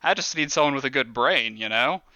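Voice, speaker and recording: A man's voice: mid-range voice, lively intonation, fairly quick, sharp tone, no echo. A man voicing a brash, pushy male boss with hired goons, talking in a glib, chummy salesman way.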